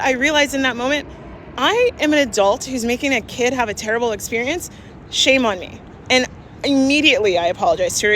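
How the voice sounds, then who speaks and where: A woman's voice: a little high, fairly bright tone, slight background noise. A woman, telling an emphatic vlog story with laughs, recorded on a phone outdoors. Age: 40s. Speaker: vlogger. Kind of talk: ranting vlog.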